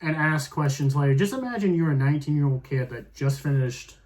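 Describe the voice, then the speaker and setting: A man's voice: a little high, fairly quick, darkish tone. A man in his thirties co-hosting a casual podcast, rambling and filling his sentences with "like". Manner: rambling, heavy use of "like". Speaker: podcast co-host. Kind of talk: casual chat.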